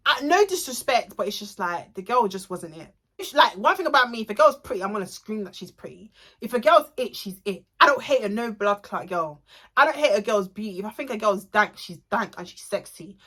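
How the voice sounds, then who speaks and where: Bright-voiced young woman. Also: medium pitch, fast talker. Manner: animated, emotional, swearing. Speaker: vlogger. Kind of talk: storytime vlog.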